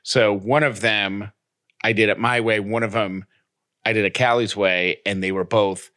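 Animated man podcast co-host. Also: moderate pace, no echo, clean studio sound. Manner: animated storytelling, breaks into high voices for quotes. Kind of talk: casual chat.

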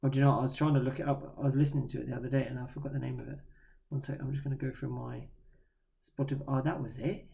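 A man's voice: medium pitch, flat delivery, racing, gravelly, warm tone. A man, co-hosting a podcast in laid-back casual chat, swearing now and then. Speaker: podcast co-host.

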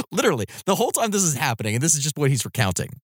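A man's voice: on the high side, big pitch swings, racing, husky, dry recording, studio quality. A man hosting a podcast, telling a history story in a casual, conversational way with loose fillers. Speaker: podcast host.

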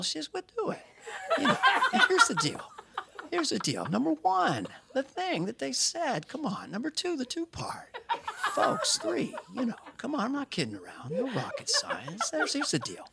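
A man doing a comic impression of an elderly male politician, speaking in a hushed, breathy, rambling folksy voice over a video call. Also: very high voice, very noisy, pitched above the performer's own voice, exaggerated voice. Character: soft-spoken folksy older male politician.

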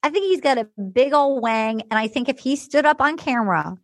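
A woman's voice: high voice, fairly quick, no room sound. A woman hosting a casual talk show, animatedly retelling events and acting out quotes. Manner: animated storyteller who acts out quotes. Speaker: podcast host. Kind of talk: casual chat recapping a reality show.

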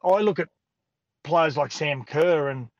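A man's voice: a little high, measured pace, dry recording, lo-fi sound. A man with an Australian accent chatting casually as a radio guest, rambling and restarting his thoughts. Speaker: guest sports commentator.

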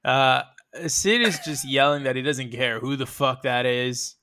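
A man's voice: mid-range voice, steady tone, measured pace, sharp tone, clean tone, no echo. A man co-hosting a podcast, chatting in a sardonic, profane way. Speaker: podcast co-host. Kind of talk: casual chat.

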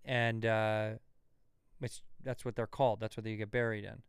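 A man's voice: on the low side, level tone, moderate pace, clean tone, no echo, studio quality. A man in his thirties, a guest on a comedy podcast, riffing and ranting in casual chat with swearing. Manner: riffing, swearing, mock rants, acts out quotes.

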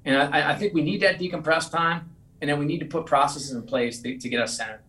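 A man's voice: a little high, fast, pushed and bright, poor audio. A man being interviewed as a guest author who tells stories in an earnest way and often repeats his words. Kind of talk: casual interview storytelling.

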